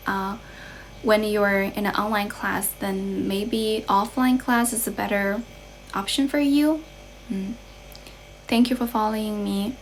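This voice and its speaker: A woman's voice: mid-range voice, steady tone, unhurried, slight background noise, rough recording. A young woman from China with a Chinese accent, chatting casually on a livestream as an English tutor, thanking viewers and patiently explaining with a lot of "right?".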